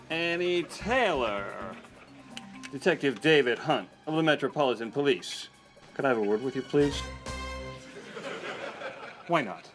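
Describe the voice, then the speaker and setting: An actor playing a pompous, theatrical police detective in a scripted learner sitcom, with light music under him. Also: male voice, fairly high pitch, fairly bright tone. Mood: guessing. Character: pompous male police detective, middle-aged.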